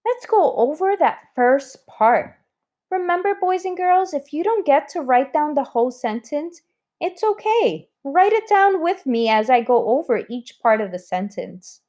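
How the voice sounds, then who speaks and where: A woman's voice: sits high, big pitch swings, measured pace, darkish tone. A woman teaching a recorded spelling lesson to children, sounding out words letter by letter.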